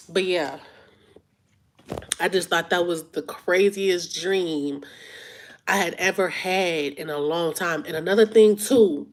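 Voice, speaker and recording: A woman vlogger telling a story in a casual, animated way, acting out what people said. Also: lowish voice. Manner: animated retelling, acts out her own quotes.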